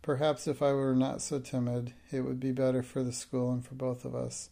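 A man's voice: medium pitch, monotone, moderate pace, vocal fry, warm tone, close to an everyday voice. A man reading the part of a timid middle-aged schoolmistress, her lines turning tearful and hysterical. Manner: pleading, breaking into hysterical outbursts.

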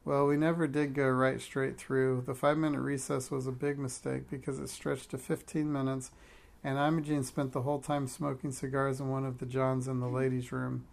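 Gravelly man reading a story aloud. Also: medium pitch, level tone, normal speed. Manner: wry, amused storytelling.

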